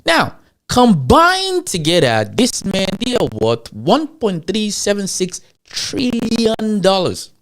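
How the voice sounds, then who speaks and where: A man's voice: high-pitched, huge pitch swings, takes it slowly, a bit bright. Guy with an african accent ranting at his viewers, voice jumping all over, keeps asking questions back at them. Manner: rhetorical questions, asks the audience, emphatic. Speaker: show host. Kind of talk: animated ranting commentary.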